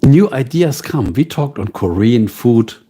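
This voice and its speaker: A man with a German accent hosting a livestream and chatting casually with his viewers. He talks slowly and unhurriedly. His voice is mellow and mid-pitched. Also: breathy edge. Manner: relaxed, unhurried, talks directly to chat. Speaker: livestream host.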